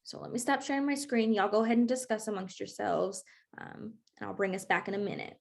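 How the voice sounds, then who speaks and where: A woman's voice: medium pitch, fairly even intonation, fairly quick, vocal fry, a little mellow. A young woman teaching an online class, encouraging and checking in often with her students. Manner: encouraging, checks in with frequent okays.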